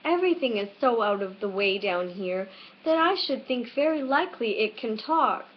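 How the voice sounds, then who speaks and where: A woman's voice: a little high, expressive, moderate pace, a little hiss or hum, natural voice. A polite, eager little girl from a storybook, voiced by a woman reading aloud. She chatters on earnestly in a raised, girlish voice. The recording is dull and lo-fi, made on a webcam.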